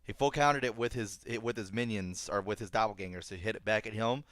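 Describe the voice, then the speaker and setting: A man's voice: fairly low pitch, fast talker, dry recording, clean studio sound. A man hosting a casual anime review chat, swearing freely and getting worked up as he retells scenes. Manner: excited, profane, retells scenes with voices. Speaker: podcast host.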